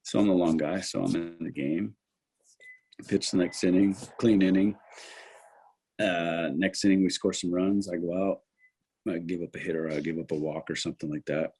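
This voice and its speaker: A man in his fifties, a former pitcher, telling stories in a casual interview and acting out his own thoughts along the way. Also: moderate pace, breathy edge. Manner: animated storyteller who acts out his own remembered thoughts. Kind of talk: casual anecdotal storytelling.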